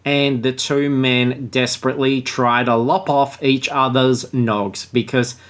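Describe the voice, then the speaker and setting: A man's voice: medium pitch, steady tone, unhurried, fairly bright tone. A man hosting a podcast, chatting casually and sarcastically about a book and reading passages aloud. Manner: crude, joking, sarcastic. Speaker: podcast host.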